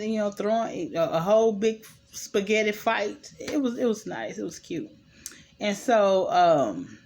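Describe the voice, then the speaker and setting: A woman talks through a TV episode as a casual reviewer. She is chatty and opinionated, with plenty of fillers and side comments. Her pitch sits mid-range. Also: darkish tone.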